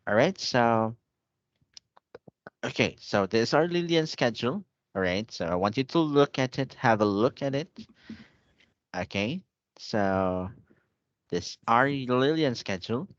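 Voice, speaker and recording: A man's voice: medium pitch, no room sound. A man teaching an online English lesson, patient and repetitive, checking in often with his student. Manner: patient, repeats and checks with "okay?". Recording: dull lo-fi online call audio.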